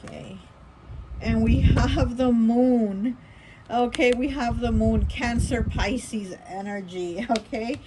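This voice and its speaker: A woman's voice: fairly high pitch, slow, background noise. A woman giving a casual tarot reading in a rambling, chatty way, with lots of fillers and restarts. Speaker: tarot reader.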